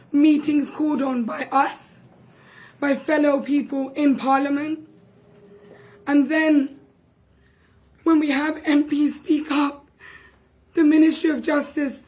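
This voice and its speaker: A young woman, hoarse and losing her voice, giving an impassioned, urgent speech at a press conference about a relative on hunger strike. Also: high-pitched, a little mellow, rough recording.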